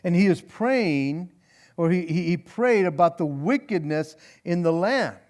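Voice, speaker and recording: A male pastor leading an evening Bible study in a church, talking in an animated way, often tripping over and repeating his words and breaking into laughs. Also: high voice, unhurried.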